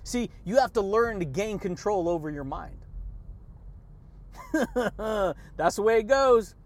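A man with a high voice hosts a motivational podcast. He talks excitably and repeats himself in a preachy pep-talk style. He laughs often and drops catchphrases between his points. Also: takes it slowly. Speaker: podcast host.

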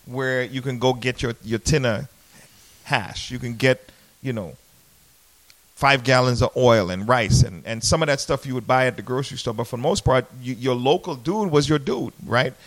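A man's voice: mid-range voice, normal speed. A man from Trinidad telling stories in a laid-back casual chat, often asking "right?" in a basement. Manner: laid-back storytelling, says "bruh" and "right?". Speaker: podcast guest.

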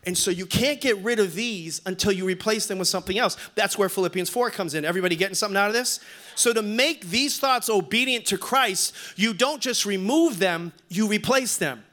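A man's voice: sits high, brisk, pushed and bright. A man in his fifties preaching a sermon as a pastor, emphatic, repeating key lines and calling on the congregation to respond. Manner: repeats key lines for stress, some restarts.

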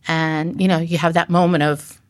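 A middle-aged woman speaks in a low voice as a podcast guest, telling her own story in earnest, halting sentences that often restart. The sound is dry and close, with no room around her. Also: flat delivery, dry recording. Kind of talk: personal storytelling in conversation.

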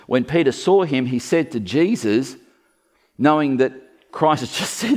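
Guy preaching in church, mid pitch voice, punches key words, talks right to the crowd. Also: expressive, unhurried. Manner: emphatic, stresses key words, speaks directly to the congregation. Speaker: pastor. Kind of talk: expository sermon. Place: church with a live congregation.

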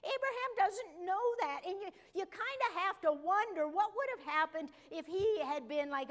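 A woman pastor preaching a sermon, telling a story and slowing down and softening her voice for emphasis. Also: extremely high pitch, expressive.

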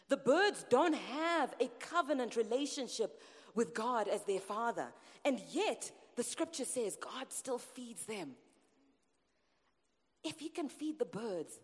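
A woman preaching a sermon to her church, lively and animated, calling out to the congregation. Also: a little high. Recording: reverberant church hall.

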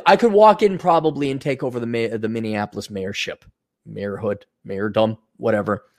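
A man hosting his own show, ranting alone in a profane, sarcastic way. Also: darkish tone. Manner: profane, sarcastic, mocks others in high mimicking voices. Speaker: podcast host. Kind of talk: ranting solo monologue.

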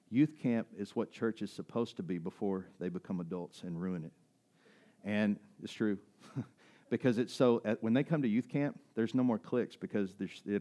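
A male pastor preaching a sermon, telling a personal story that swings between excited high bursts and soft emotional moments. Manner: storytelling with quick rises in pitch and drops to soft emotional asides. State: near tears at times.

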